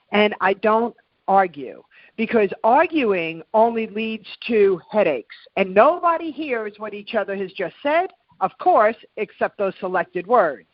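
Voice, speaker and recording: A woman's voice: mid-range voice, no room sound, highs cut off. A middle-aged woman speaking as a guest on a talk show, coaching listeners in an earnest, motivational way and repeating phrases for emphasis. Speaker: podcast guest, happiness coach.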